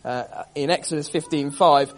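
A man preaching an expository sermon, earnest and emphatic, reading scripture aloud with dramatic stress and often pausing with um and uh. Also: on the high side. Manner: earnest, emphatic, many ums and uhs.

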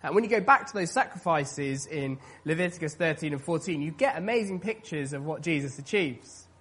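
A man's voice: fairly high pitch, lively intonation, fairly quick, a bit bright, breathy edge. A man preaching a sermon in an earnest, conversational way, with many fillers. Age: adult, past his teens.

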